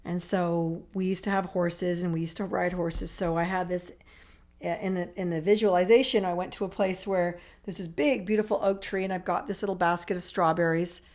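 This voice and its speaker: A woman speaks as an interview guest, recounting her recovery in long, tumbling sentences. Her voice sits a little low for a woman. She strings her thoughts together with constant asides and quoted reactions. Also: fairly even intonation, brisk, darkish tone. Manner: emotional, run-on storytelling with many "I'm like" asides. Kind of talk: personal recovery story in conversation.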